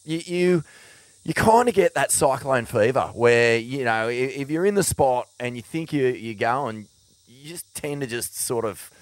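A man's voice: medium pitch, animated, unhurried, no room sound. A young Australian man co-hosting a casual chat, swearing freely and laughing at himself. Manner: sweary, self-mocking, laughing. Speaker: co-host.

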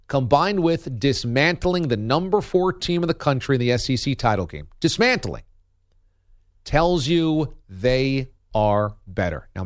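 A male sports radio host with a medium-pitched voice delivers opinionated commentary, emphatic and argumentative, hammering his points home through punchy repetition. The recording has studio quality with no echo.

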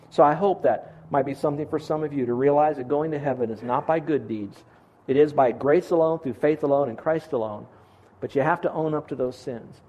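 Male pastor, fairly high voice, earnest and pleading sermon delivery in church. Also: a little mellow, lo-fi sound.

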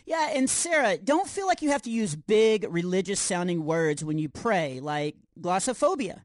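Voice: medium pitch, sing-song, normal speed, no room sound, close to an everyday voice. An adult voicing a goofy, overconfident boy hero as co-host of a scripted kids' podcast, full of boastful, self-mocking jokes. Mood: cheerful. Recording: dry close studio sound.

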